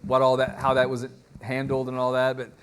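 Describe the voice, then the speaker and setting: A man's voice: mid-range voice, monotone, brisk, a little hiss or hum. A man preaching a sermon, retelling a story in a conversational way. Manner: conversational storytelling, acts out quotes.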